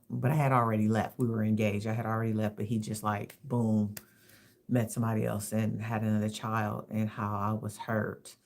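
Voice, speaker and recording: A woman in her fifties from Los Angeles, talking reflectively on a livestream, halting and repeating words as she gathers her thoughts. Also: extremely low pitch, a little mellow. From Los Angeles, USA. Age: 50s. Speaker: livestream host. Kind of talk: reflective personal talk.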